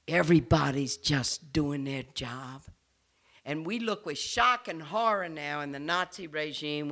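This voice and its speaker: Before an audience in a room, a nun gives an impassioned public speech. She's earnest, with a bass voice, and her delivery shifts between forceful and hushed.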